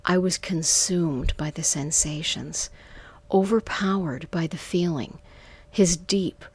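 Close to the mic, a woman narrates a first-person erotic story in a soft, half-whispered, drawn-out delivery. Her voice is lowish and slightly rough, with no echo.

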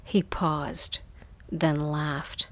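A woman narrating an intimate first-person story in a soft, hushed voice. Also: deep voice, flat delivery, drawn-out words.

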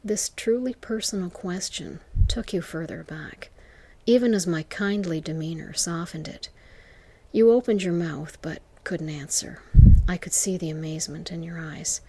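A woman narrating an intimate whispered role-play to the listener, in a soft, slow, seductive whisper. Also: fairly low pitch, steady tone, husky.

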